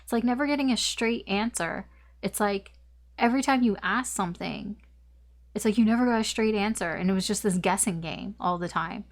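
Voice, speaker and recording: A woman's voice: mid-range voice, fairly quick. Woman doing a casual tarot reading, super chatty, lots of likes and ums, swears a bit. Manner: chatty, rambling, swears, many fillers. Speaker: tarot reader.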